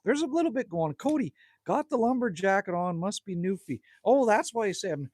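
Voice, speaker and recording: A man's voice: high-pitched, sing-song, brisk, darkish tone, no room sound. A middle-aged man hosting a casual live stream outdoors by a campfire, chatting bluntly and joking with viewers as he reads the chat. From Northwest Territories, Canada. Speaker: livestream host reading chat.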